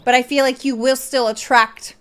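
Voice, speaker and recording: Chatty woman streamer, slightly high voice. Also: level tone, moderate pace, fairly bright tone, clean tone. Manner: rambling, filler-heavy, chatty. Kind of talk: casual stream chat.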